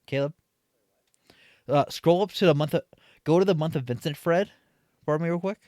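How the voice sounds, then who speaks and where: A man's voice: fairly high pitch, normal speed, a little mellow, no room sound, studio quality. A man casually telling a long story from his retail job, with lots of fillers and restarts. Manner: rambling, many fillers and restarts. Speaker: streamer.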